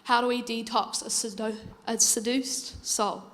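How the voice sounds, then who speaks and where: A woman's voice: on the high side, flat delivery, a little slow, fairly bright tone, in a large hall. A woman preaching a sermon, earnest and urging, telling stories in a conversational way. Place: church.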